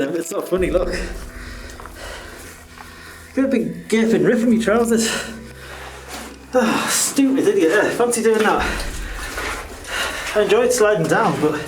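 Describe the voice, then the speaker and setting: A man's voice: sits high, expressive, unhurried, pauses often, background noise. A man, chatting wryly and mocking himself as he explores underground mine passages, recorded on a camera mic. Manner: chatty, wry, self-mocking. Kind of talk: casual narration while exploring. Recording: music playing under the voice.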